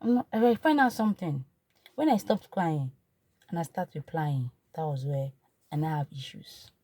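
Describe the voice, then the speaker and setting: Husky low-voiced Nigerian woman. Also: moderate pace, dry recording. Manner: emotional, repetitive, shifts from animated to hushed. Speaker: vlogger. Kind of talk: personal testimony.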